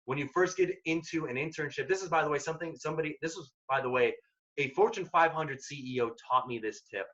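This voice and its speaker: A man with a bright, forceful, somewhat high voice lectures students on workplace habits. He talks in a direct, emphatic, casual way. The recording sounds dull and lo-fi. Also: quick pace. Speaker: workshop presenter. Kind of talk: career advice lecture.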